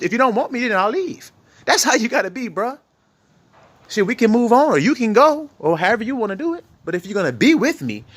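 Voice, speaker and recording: A man from the giving a casual, profane street sermon to his viewers, acting out arguments between partners. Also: sits high. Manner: animated, profane, acts out quoted arguments. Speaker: online preacher.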